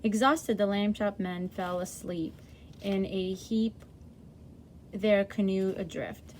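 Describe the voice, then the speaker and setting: A woman's voice: medium pitch, slow, darkish tone, slight background noise. A woman reading a chapter book aloud to children in a friendly way, with small slips and self-corrections.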